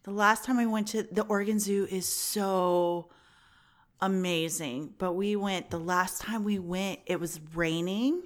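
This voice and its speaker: A woman's voice: mid-range voice, fairly even intonation, unhurried. A woman co-hosting a casual podcast chat who giggles often and teases playfully. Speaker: podcast co-host.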